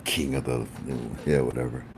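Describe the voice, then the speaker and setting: A man's voice: extremely low pitch, steady tone, moderate pace, heavy background noise. A man hosting a casual livestream, chatting with viewers in a playful, joking, rambling way. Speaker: livestream host.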